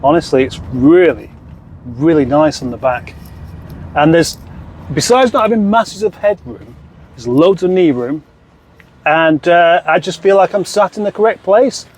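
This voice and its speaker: A man riding in the back seat of a car, trading relaxed, joking banter with the host. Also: fairly high pitch, unhurried. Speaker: co-host passenger. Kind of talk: casual car chat. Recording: faint road noise in car.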